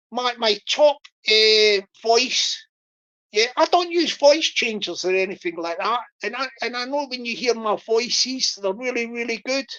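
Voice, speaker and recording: A woman's voice: a little high, a bit bright. A woman livestreamer chatting casually in a rambling way, with many restarts, fillers and small chuckles. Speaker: YouTube livestreamer. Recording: lo-fi dull stream audio.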